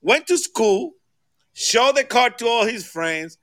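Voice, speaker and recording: A man's voice: extremely high pitch, big pitch swings, slow, fairly bright tone, no room sound, clean studio sound. A man on a casual podcast panel, heated and swearing freely.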